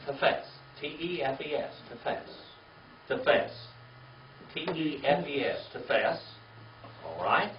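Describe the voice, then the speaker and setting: In a classroom or church meeting room, a man leads a Bible class, spelling words out letter by letter while the class repeats after him. His voice is fairly high, expressive and slow, with slight background noise. The distant mic catches an echoey room and gives a dull lo-fi sound.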